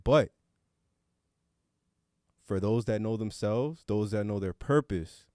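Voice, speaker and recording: On a casual podcast roundtable, a man who has a young son talks slowly, earnestly and reflectively, sometimes swearing casually. His voice is fairly low and a little mellow, recorded in studio quality with no echo.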